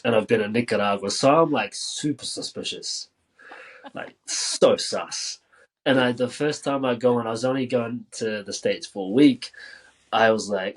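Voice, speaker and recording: Speaking in a lowish voice, this New Zealander is a guest on a podcast, casually recounting a story full of filler words and animated quoted dialogue. The recording is rough.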